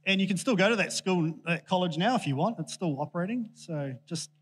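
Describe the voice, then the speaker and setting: A man's voice: sits high, expressive, a little fast, fairly bright tone, a little hiss or hum. A man giving a casual, joking sermon to a church congregation, chatty and self-deprecating with plenty of ums. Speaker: preacher.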